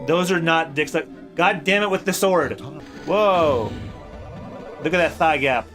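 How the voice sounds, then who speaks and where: A man's voice: fairly high pitch, unhurried, a bit bright, faint music behind. A man hosting a let's play, giving casual, joking and sarcastic gameplay commentary. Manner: joking, sarcastic, swears freely.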